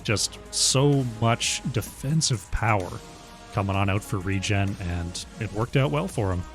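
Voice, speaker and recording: A man casting an esports match play-by-play in a measured way, with his voice often dropping quietly at the ends of his phrases. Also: fairly low pitch, soft background music. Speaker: esports caster.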